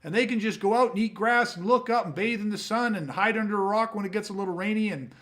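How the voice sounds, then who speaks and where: A man's voice: high voice, quick pace, a bit bright. A man hosting a podcast, talking in a blunt, emphatic, profane way. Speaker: podcast host. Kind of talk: casual podcast talk.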